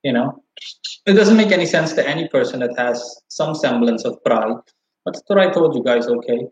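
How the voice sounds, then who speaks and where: A man's voice: medium pitch, normal speed. A man telling a long story to his livestream viewers, rambling, cursing and restarting as he goes. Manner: rambling, profane, animated retelling. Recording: roomy, slightly dull sound.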